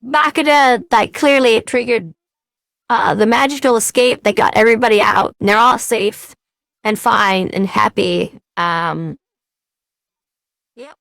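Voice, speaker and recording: A woman's voice: fairly high pitch, a little slow, gravelly, fairly bright tone, no echo, clean studio sound. A woman hosting a casual podcast chat, playful and giggly, making silly sound effects. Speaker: podcast host.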